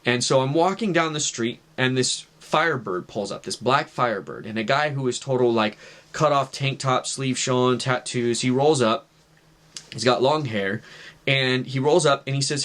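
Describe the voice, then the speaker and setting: Casting: man, middle-pitched voice, earnest storyteller addressing the viewer. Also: normal speed, fairly bright tone. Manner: earnest, conversational, acts out quoted dialogue. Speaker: testimony vlogger. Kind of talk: personal storytelling to camera.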